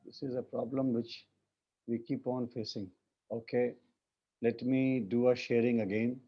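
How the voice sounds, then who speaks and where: A man's voice: medium pitch, flat delivery, measured pace. A man with an Indian English accent teaching an online French class, patiently correcting pronunciation by repeating words. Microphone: video call. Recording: muffled lo-fi video call audio.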